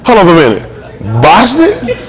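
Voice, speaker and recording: A man's voice: on the high side, animated, normal speed. An older man filming at a wedding with a handheld phone, teasing the guests and chatting with them in playful, casual banter. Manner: playful, teasing, Southern Black vernacular speech. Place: wedding venue, indoors among guests.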